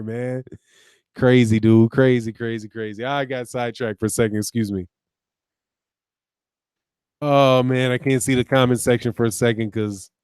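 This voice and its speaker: A man's voice: medium pitch, clean tone, no echo. A man hosting a casual boxing livestream, reading the chat aloud and mocking commenters with profane, laughing banter. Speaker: boxing channel host.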